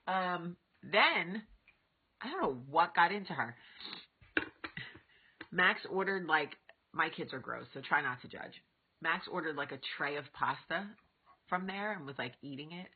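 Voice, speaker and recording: A woman in her thirties tells stories straight to camera in a low, husky voice. She acts out what everyone said with big, lively swings. The sound is thin and tinny, like a phone line. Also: moderate pace. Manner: animated, acts out quotes with big jumps. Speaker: vlog host. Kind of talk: casual storytelling to camera.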